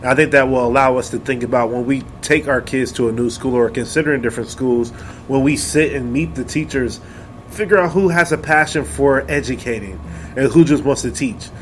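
A man's voice: mid-range voice, fairly quick, slight background noise. Earnest, thoughtful man hosting a podcast. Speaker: podcast host. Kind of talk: casual chat.

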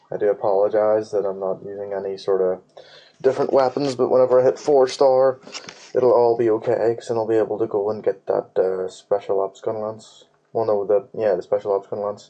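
Low, muffled gaming commentator, man. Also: warm tone. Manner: rambling, swears a lot, hums nonsense tunes. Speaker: let's play gamer.

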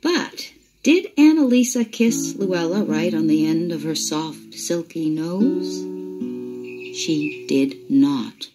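A woman storyteller reading a picture book aloud in an expressive way. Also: deep voice, low-quality recording. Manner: expressive, unhurried. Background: guitar music.

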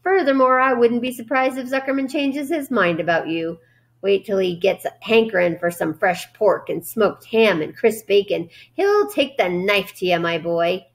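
A woman voicing a gluttonous, smug male rat with a husky, hoarse voice and a slow gloating drawl, read aloud from a storybook. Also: medium pitch, animated, natural voice.

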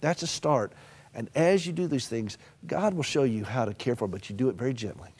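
Southern US man, middle-aged, rapid folksy interview guest with humor and soft hushed asides. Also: mid-range voice, husky. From American South. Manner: storytelling, folksy humor, drops to a gentle hush. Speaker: author and caregiver advocate.

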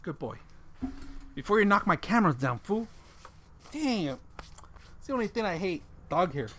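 A man's voice: high voice, big pitch swings, moderate pace, a bit bright, a little hiss or hum. A man streaming live from home, joking with chat and tacking "man" onto his sentences, on a desk condenser mic with a pop filter. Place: home room with a dog.

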